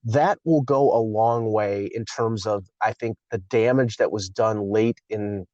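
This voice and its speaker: A lower-pitched man talks hockey in a loose, rambling way, often restarting his sentences. The recording is dull and lo-fi with no room sound. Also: measured pace, darkish tone, dry recording. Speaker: co-host. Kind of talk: casual hockey chat.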